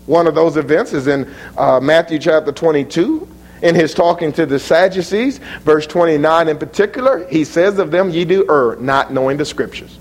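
A man preaching a sermon, citing scripture chapter and verse, dropping to low asides and rising to near-shouted peaks. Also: expressive, moderate pace.

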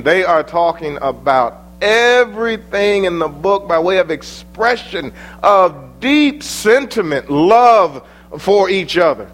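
High, swooping preacher man over mains hum. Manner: preaching with rising emphatic questions and sudden soft drops. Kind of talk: sermon.

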